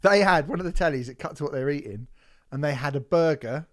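A man co-hosting a podcast in casual chat, an animated storyteller who laughs and swears a lot. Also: a little high, quick pace. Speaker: podcast co-host.

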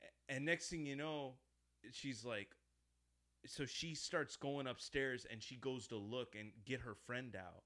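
A man in relaxed conversation walks through a horror film he has seen. His voice sits at an ordinary middle pitch. He tells it with lively animation, swears freely, and drops into little acted-out lines along the way. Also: unhurried. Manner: animated storyteller, acts out quotes, swears often. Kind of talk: casual chat, retelling a horror film.

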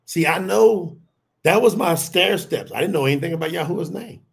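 Middle-aged man, animated sermon delivery, high and gravelly, keeps turning to the audience. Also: normal speed. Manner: animated, addresses the audience as y'all. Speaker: preacher.

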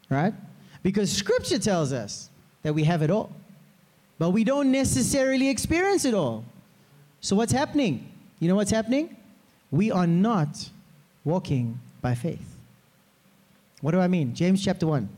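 A man preaching a sermon as pastor, in a lively way, often asking the congregation to repeat words after him. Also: high-pitched, normal speed, long pauses. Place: church hall. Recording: long hall reverb.

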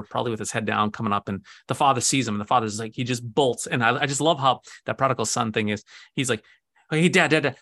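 A man, a pastor, explaining faith in a conversational way, acting out a story with lively restarts and repeated words. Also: lowish voice, no echo, studio quality. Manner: animated storytelling with many restarts.

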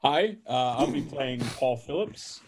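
A man playing in a tabletop game, describing his character's actions thoughtfully with many pauses. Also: medium pitch, lively intonation, breathy edge. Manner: thoughtful, hesitant, many ums. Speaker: player.

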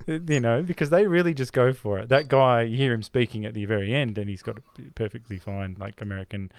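A man's voice: mid-range voice, fairly quick, dry recording. A man co-hosting a podcast, chatting casually about films in a rambling way with many restarts. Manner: rambling, many restarts, animated when retelling scenes. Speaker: podcast co-host. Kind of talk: casual film discussion.

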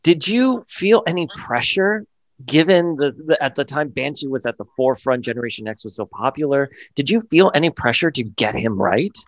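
A man's voice: mid-range voice, lively intonation, normal speed, dry recording. A man co-hosting a casual interview, eagerly stacking several questions at once. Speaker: interview co-host.

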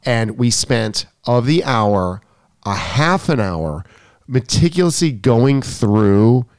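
A tennis coach talks in a casual podcast chat and tells his story with animation, acting out the lines of the conversation. His voice is medium in pitch and is recorded dry, close to the mic, with no echo. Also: slow pace. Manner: animated storytelling, acts out quotes.

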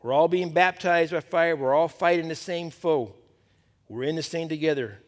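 A male pastor giving a sermon to a men's Bible study, preaching in a conversational, emphatic way that drops to a hush at times. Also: fairly high pitch, normal speed.

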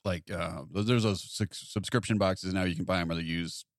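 A man's voice: low-pitched, fairly even intonation, normal speed, dry recording, studio quality. A man co-hosting a podcast in casual comedic banter, joking and riffing into silly voices. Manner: jokey, riffs into silly put-on voices. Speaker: podcast co-host.

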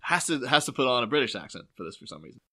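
A young man co-hosting a podcast chats casually about a film, animated and rambling, full of fillers and restarts. His mid-range voice races along.

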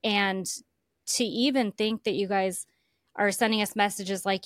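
A woman's voice: mid-range voice, fairly even intonation, measured pace, dry recording, clean studio sound. A woman co-hosting a casual podcast, earnest and rambling, talking with feeling. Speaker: podcast co-host. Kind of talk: casual chat.

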